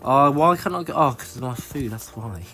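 A young man giving rambling, excitable commentary while playing a video game. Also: a little fast, loud music behind the voice. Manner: excitable, rambling, jumps to high squeals. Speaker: gaming channel host. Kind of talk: casual let's-play commentary.

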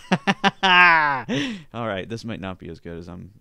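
A man hosting a casual solo podcast, reading online posts aloud with offhand mumbled asides and sudden loud, silly outbursts. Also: deep voice, fairly quick, creaky. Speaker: podcast host.

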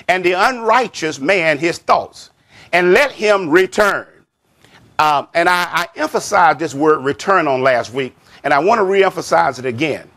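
A male pastor preaching a sermon in a slightly higher voice. He leans on single words, draws out scripture phrases and lets his voice fall low and quiet to close each point. He sprinkles amen and child of God throughout. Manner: repeats and stresses key words, stretching scripture phrases slowly; drops pitch and volume at the end of a point.

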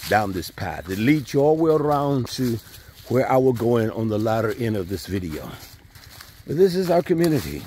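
A man's voice: mid-range voice, warm tone. A middle-aged man, a community leader, leading an enthusiastic walking tour outdoors on rural land and repeating himself as he goes. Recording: faint outdoor background noise.

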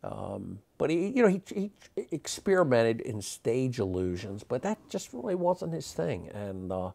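A man's voice: mid-range voice, very animated, measured pace, vocal fry, mellow. A man, a magic historian, telling anecdotes in an interview, rambling with many fillers. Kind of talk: interview storytelling.

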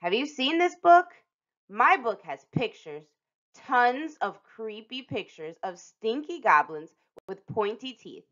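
A woman reading a picture book aloud to children as a storytime host, expressive and lingering on some phrases with dramatic pauses. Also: a little high. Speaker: storytime reader. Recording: dull lo-fi recording.

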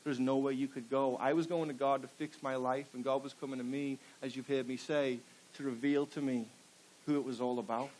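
A man's voice: medium pitch, little pitch movement, brisk, a little mellow. A middle-aged man preaching a sermon to a congregation, passionate and full of rhetorical questions. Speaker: pastor.

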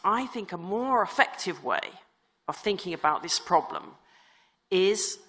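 A woman's voice: on the low side, animated, measured pace, fairly bright tone. A woman giving a conference talk in a chatty, self-deprecating way, with many fillers and restarts. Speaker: conference speaker. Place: conference hall. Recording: reverberant conference hall.

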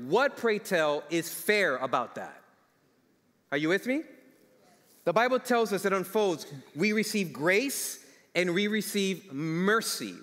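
Male preacher, slightly high voice, storytelling sermon that draws in the congregation, long church reverb. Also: a bit bright. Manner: storytelling, asks the congregation questions. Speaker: guest preacher. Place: church sanctuary.

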